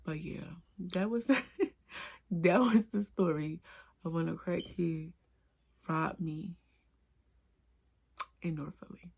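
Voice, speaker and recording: A woman tells a storytime in a low, gravelly voice. She talks in animated, slangy bursts full of cussing. She tells it loose and casual to her camera. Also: takes it slowly, long pauses. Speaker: vlogger. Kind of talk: storytime vlog.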